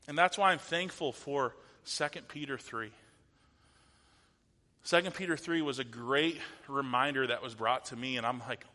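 A man's voice: a little high, pushed and bright. A man in his thirties giving a conversational sermon as a pastor, asking the audience rhetorical questions. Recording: long hall reverb.

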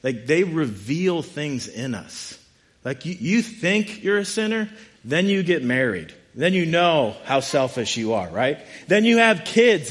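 A man preaching a sermon in a conversational, animated way, with frequent asides. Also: fairly high pitch. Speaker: pastor.

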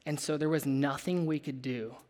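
A young adult man preaching a sermon, telling a personal story in a conversational, animated way with asides to the listeners. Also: fairly high pitch, moderate pace.

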